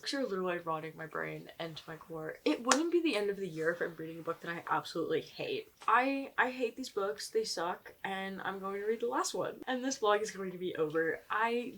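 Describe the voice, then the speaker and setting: A young woman in her twenties talks straight to camera about her reading, sounding fed up and swearing freely. She keeps breaking into laughter as she vents. Her voice sits at an ordinary middle pitch. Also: expressive, moderate pace, fairly bright tone, poor audio. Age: 20s. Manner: exasperated, swears freely, laughs through rants. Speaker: book vlogger. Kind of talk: casual vlog commentary.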